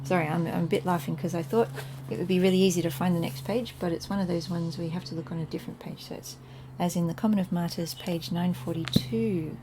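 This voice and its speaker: A woman's voice: lowish voice, steady tone, quick pace, few pauses, background noise. A middle-aged woman reading Latin scripture aloud and translating it line by line in a casual home lesson, thinking aloud as she goes. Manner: thinks aloud, chuckles at own slips.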